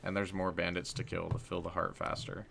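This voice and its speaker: Gravelly low-voiced male streamer. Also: fairly quick, dry recording. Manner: excitable, slangy, bursts louder when hyped. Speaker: livestream host. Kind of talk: casual gameplay chat.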